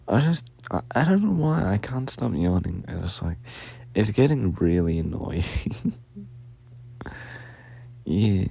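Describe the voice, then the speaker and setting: A young man in a whispered role-play as a tired, sweet boyfriend, yawning, giggling and talking slowly. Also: on the low side, sing-song, gravelly, warm tone, breathy edge. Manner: sleepy, yawning, affectionate and giggly.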